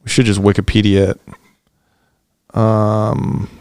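A man co-hosting a podcast, joking crudely in casual banter, often rising into loud excited bursts. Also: fairly low pitch, slow pace, clean tone. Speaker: podcast co-host.

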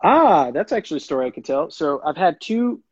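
A man's voice: fairly high pitch, very animated, a little fast, husky, no echo, highs cut off. A man hosting a show and casually telling a story, acting out quotes and restarting sentences as he goes. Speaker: show host and former pro soccer player.

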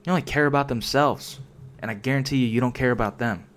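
A fast-talking young man with a mid-range, fairly bright voice rants into a desk microphone, with slight background noise behind him. He's a solo vlogger riffing in a casual, unscripted way, loaded with filler words and constant cursing.

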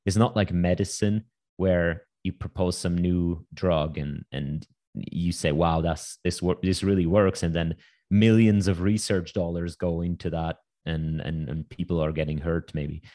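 A man talking as a podcast guest in a casual interview, quick and wry with lots of asides. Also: deep voice, fairly even intonation, mellow.

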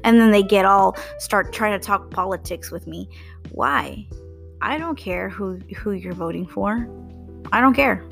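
A woman's voice: mid-range voice, a little slow, creaky, faint music behind. A young woman from Texas hosting a podcast, ranting about customers in a blunt, profane, sarcastic way. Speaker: podcast host. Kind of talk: casual rant.

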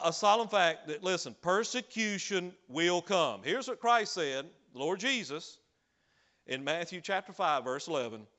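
A man preaching a sermon, swinging from loud, drawn-out cries to low, quick asides.

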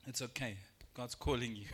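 A man preaching a sermon in church, lively and expressive, acting out biblical characters in raised voices. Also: moderate pace, a little hiss or hum. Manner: animated, acts out quoted voices with rising pitch and volume. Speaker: pastor. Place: church sanctuary.

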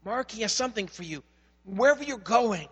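A man preaching as pastor, telling stories and swinging from loud emphasis to hushed, quiet passages. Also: high voice, lively intonation, fairly quick, breathy edge, long reverb tail. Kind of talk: sermon.

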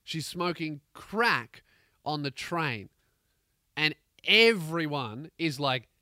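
A man with an Australian accent, a comedian hosting a podcast, telling a profane, rambling story with animated energy. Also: fairly high pitch, slow, no echo, clean studio sound. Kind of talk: comedic rant.

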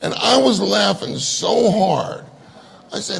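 A man's voice: high-pitched, expressive, takes it slowly, gravelly. A middle-aged man preaching a sermon, telling stories in a jovial way and laughing often. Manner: storytelling, jovial with frequent laughter.

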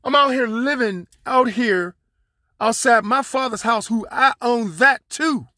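A man's voice: very high voice, measured pace, sharp tone, no room sound, studio quality. A man from Pittsburgh hosting a solo podcast, talking in a rambling, streetwise, profane way with lots of fillers, speaking from his car. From Pittsburgh, USA. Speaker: podcast host.

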